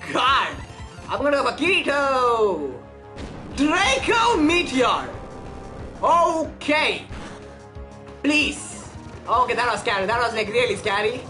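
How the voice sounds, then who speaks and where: Woman game streamer, bright high voice, chatty and jittery. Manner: chatty, nervous, stumbles on words. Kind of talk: casual let's play commentary.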